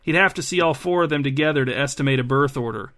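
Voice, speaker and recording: A man hosting a podcast and reading a bedtime story in a calm, even narration. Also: medium pitch, fast.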